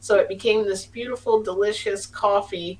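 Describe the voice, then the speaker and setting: A woman's voice: mid-range voice, steady tone, moderate pace, a little mellow. A middle-aged woman telling a story as a podcast guest, earnest and rambling, often restarting her sentences. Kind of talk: casual storytelling. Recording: distant mic with faint hum.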